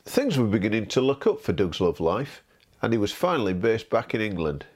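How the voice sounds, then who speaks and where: Male documentary narrator, low and animated delivery, measured and expressive. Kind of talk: scripted narration.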